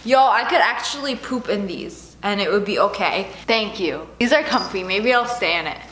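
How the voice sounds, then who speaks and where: A woman's voice: medium pitch, animated, normal speed, fairly bright tone, echoey room, a little hiss or hum. A young woman in her twenties, a YouTuber chatting through an unboxing vlog with a bubbly, sarcastic, giggly manner.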